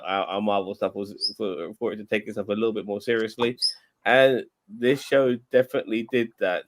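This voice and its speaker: A man co-hosting a casual podcast, blunt and opinionated, swearing freely. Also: lowish voice. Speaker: podcast co-host. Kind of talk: casual chat.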